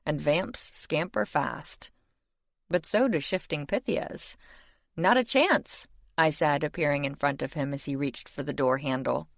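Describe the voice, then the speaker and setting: A woman's voice: low-pitched, steady tone, normal speed, vocal fry, dry recording, clean studio sound. A woman narrating a first-person fantasy audiobook in a wry, exasperated tone.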